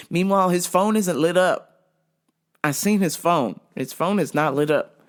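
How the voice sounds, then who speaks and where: A woman telling a story in a casual vlog, animated and profane, often laughing. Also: lowish voice, a little slow. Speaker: vlogger.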